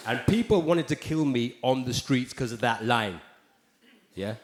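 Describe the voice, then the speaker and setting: A man's voice: medium pitch, moderate pace. A man performing live stand-up in a theater, sardonic and conversational with rhetorical asides. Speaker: stand-up comedian. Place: theater stage. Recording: roomy live theater with ambient noise.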